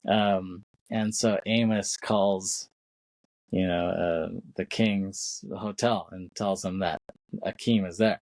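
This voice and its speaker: Low-voiced man casually retelling a film. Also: steady tone, slow pace, a little mellow, dry recording. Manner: rambling retelling with many fillers, acting out lines from scenes. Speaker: podcast co-host. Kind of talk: casual film recap chat.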